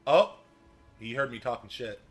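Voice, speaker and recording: A man commentating his own gameplay on a stream, joking and swearing, with sudden loud outbursts. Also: mid-range voice, moderate pace. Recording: game music behind the voice.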